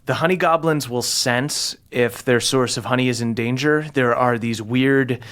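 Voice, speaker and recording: A man's voice: medium pitch, normal speed, a bit bright, clear, resonant tone, lightly acted. A man voicing an earnest female fey ally in a tabletop game who urges caution and offers to help.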